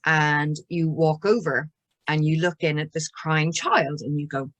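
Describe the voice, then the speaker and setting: A woman's voice: deep voice, steady tone, a little slow, fairly bright tone, dry recording. An Irish woman counsellor explaining child emotions in an interview, acting out little scenes as she goes. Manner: explanatory, acts out little scenes with soothing voices.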